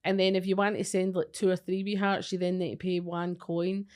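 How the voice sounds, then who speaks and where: A woman's voice: lowish voice, little pitch movement, brisk, darkish tone. A Scottish woman co-hosting a podcast, telling stories in a blunt, sweary, chatty way. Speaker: podcast co-host, psychic. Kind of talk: casual chat.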